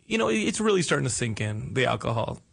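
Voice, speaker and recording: A man hosting a podcast, telling a story with animated put-on voices for the people in it. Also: mid-range voice, fast talker, gravelly, husky. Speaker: podcast host. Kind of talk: casual storytelling chat.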